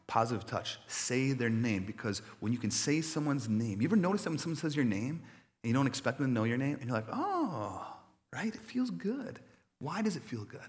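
Man, pastor, sermon, lively storytelling, audience asides, mid pitch.

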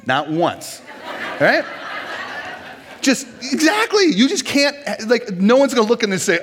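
A man's voice: extremely high pitch, wildly swooping pitch, measured pace, long pauses, fairly bright tone. A man in his forties from Minnesota, preaching a humorous sermon, joking and acting out little scenes as he goes.

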